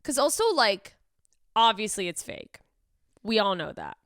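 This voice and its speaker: A woman's voice: mid-range voice, unhurried, no echo. A woman comedian hosting a podcast in casual, incredulous chat, riffing and swearing freely into a close mic. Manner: animated, profane, incredulous riffing.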